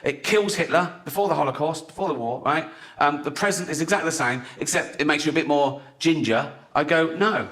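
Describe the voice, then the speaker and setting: A man's voice: on the high side, fairly quick, a bit bright. Chatty man doing stand-up. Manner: conversational, tags lines with "right?"; laughs at his own jokes while talking. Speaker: stand-up comedian. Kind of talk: stand-up comedy set.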